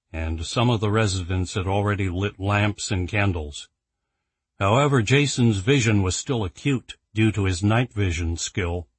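A man narrating an audiobook in an even, measured storytelling voice. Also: lowish voice, breathy edge, no room sound. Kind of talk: scripted narration.

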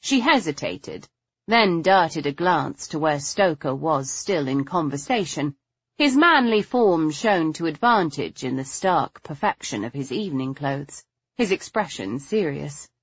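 A woman with a lowish, husky, breathy voice reads a first-person audiobook in a measured, wry way. The sound is dry and close, with a dull, lo-fi tone. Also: big pitch swings, no room sound. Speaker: audiobook narrator.

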